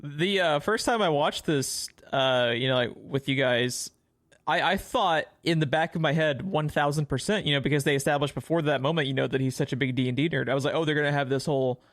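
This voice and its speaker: Enthusiastic rambling man, higher voice. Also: a little fast, a bit bright, dry recording, studio quality. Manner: enthusiastic, rambling, filler-heavy, swears casually. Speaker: podcast co-host. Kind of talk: casual film-review podcast chat.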